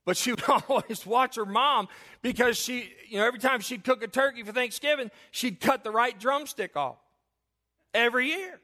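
A man's voice: very high voice, moderate pace, bright, forceful tone. A male preacher delivering a sermon, emphatic and repetitive, telling stories to make his point.

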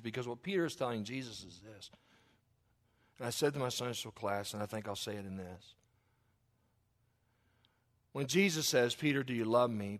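An earnest middle-aged pastor with a drawl delivers his sermon, his voice sitting at an ordinary male pitch. He speaks apologetically at times, then swells louder when he drives a point home.

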